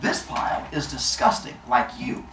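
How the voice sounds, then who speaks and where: A man's voice: moderate pace, heavy background noise, close to an everyday voice. Gloating, scheming god-king for a spoken story, put on by a man; mocking delivery, roomy, distant sound. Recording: echoey room, voice from a distance.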